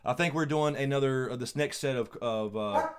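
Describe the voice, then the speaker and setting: A man's voice: mid-range voice, moderate pace, smooth. Rambling laid-back Southern American man. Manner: rambling, laughs often, many fillers and restarts. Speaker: YouTube channel host. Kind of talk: casual livestream chat.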